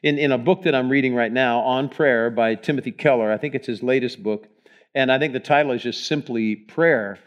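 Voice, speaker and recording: Male pastor, sermon in a church, shifts from loud to hushed. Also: mid-range voice, a little fast, lo-fi sound. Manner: preaching with sharp swings from loud emphasis to hushed prayer; leads the congregation in reading aloud together. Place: church sanctuary.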